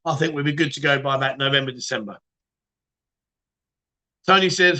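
A man's voice: medium pitch, fairly quick, bright, forceful tone, highs cut off. A man hosting a casual livestream chat show, reading viewer comments and joking around with frequent laughs and swearing.

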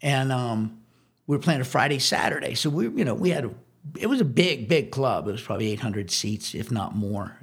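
A man recounting a story from his music days in loose, rambling conversation. He's animated and profane, restarting sentences and stacking up asides as he goes. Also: mid-range voice, a little fast, creaky, husky. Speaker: drummer telling a road story. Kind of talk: casual conversation.

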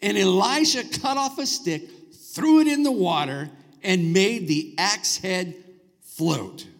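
A man's voice: high voice, lively intonation, slow pace. A male pastor preaching a sermon in a church, talking conversationally and prompting the congregation to answer back. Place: church sanctuary. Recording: long reverb of a large hall.

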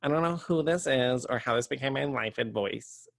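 A man's voice: medium pitch, normal speed, creaky, no room sound, studio quality. Campy man chatting on a podcast. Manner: campy, playful, calls listeners honey. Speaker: podcast co-host. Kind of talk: casual chat.

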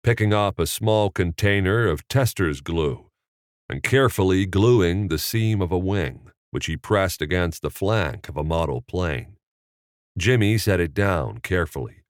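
A man narrating an audiobook chapter in a measured, expressive reading. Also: sits low, no echo, clean studio sound. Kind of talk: scripted narration.

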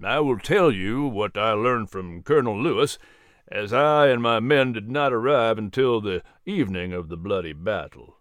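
An actor playing an earnest colonial colonel. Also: male voice, on the low side, moderate pace, a bit bright, dry recording, studio quality, close to an everyday voice. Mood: sober.

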